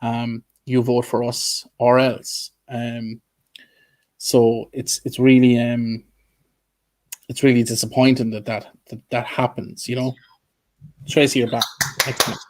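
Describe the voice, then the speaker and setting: A man's voice: medium pitch, flat delivery, measured pace, long pauses. Guy hosting an online chat show over a call, lots of ums and restarts, earnest. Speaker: host. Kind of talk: casual interview. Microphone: video call.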